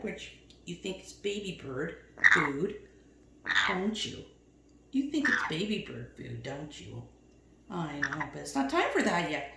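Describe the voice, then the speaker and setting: A woman training her pet bird at home, talking to it in coaxing sing-song baby talk with sudden high squeaks. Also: sing-song, a little slow, gravelly, pauses often. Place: room at home. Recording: echoey home room, faint noise.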